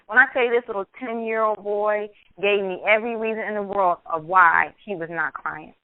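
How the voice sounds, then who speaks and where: A woman's voice: mid-range voice, brisk, hardly any pauses, dry recording. An earnest woman hosts a call-in radio discussion, telling a personal story with lots of restarts. Her voice sits in a mid register. It comes through a narrow, phone-like channel with no room sound at all. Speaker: radio talk show host. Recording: tinny phone-line sound, dry.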